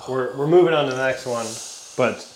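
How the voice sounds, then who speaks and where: A man's voice: medium pitch, fairly quick, a little hiss or hum. Man laughing and swearing in a roomy room. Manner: laughs often, swears casually. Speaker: podcast host. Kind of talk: casual chat.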